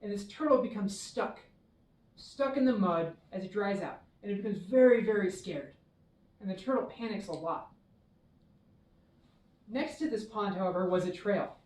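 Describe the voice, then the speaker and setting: A woman minister giving a children's dharma talk, telling a story in a warm, expressive way. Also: medium pitch, moderate pace, long pauses. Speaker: temple minister. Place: temple hall. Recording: echoey hall, mic far off.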